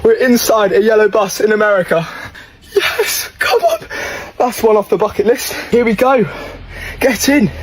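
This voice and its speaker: A young man from England vlogging, rowdy and excitable, with mild swearing. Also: sits high, a little fast, no room sound. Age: young adult. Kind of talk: casual travel vlog. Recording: phone clip with clear background noise.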